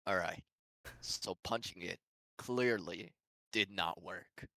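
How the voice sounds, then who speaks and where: A man's voice: low voice, takes it slowly, sharp tone. A man playing in a tabletop game, talking casually and swearing offhandedly. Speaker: player.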